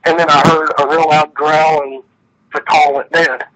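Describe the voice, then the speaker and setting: Man, casual phone-in storyteller, slightly higher voice, forceful delivery, plainspoken. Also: little pitch movement, normal speed, lo-fi sound. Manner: plainspoken, retells dialogue with many "he said"s. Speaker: guest storyteller.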